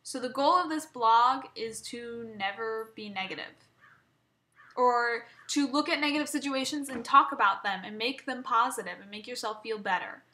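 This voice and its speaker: A woman's voice: on the high side, normal speed, sharp tone. A young woman vlogging an emotional personal rant, rambling and swearing, often stumbling and restarting.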